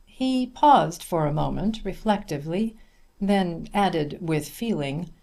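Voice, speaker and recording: A man reading a humorous essay aloud as an audiobook narrator, with a measured, dry delivery. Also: sits high, lively intonation, creaky, darkish tone.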